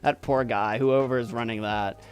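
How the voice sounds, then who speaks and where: A man's voice: medium pitch, fairly even intonation, normal speed, smooth, soft background music. A man streaming, reading on-screen text aloud and adding wry, amused asides.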